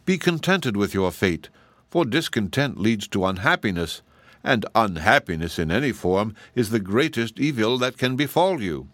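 A man's voice: lowish voice, sing-song, normal speed, a bit bright, dry recording. A man voicing a huge, falsely sweet giantess witch who talks in a mocking, self-assured way for a storybook reading. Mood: scornful.

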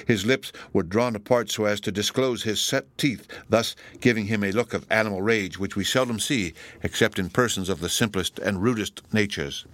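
Male audiobook narrator, deep-ish voice, measured formal delivery, dry booth sound. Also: fairly bright tone, no echo. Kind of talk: scripted narration of a classic novel.

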